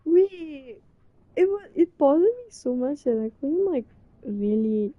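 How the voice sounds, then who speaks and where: A young woman streamer reacting to an old clip, gasping and laughing with excitement. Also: high voice, slow, pauses often, no echo, highs cut off.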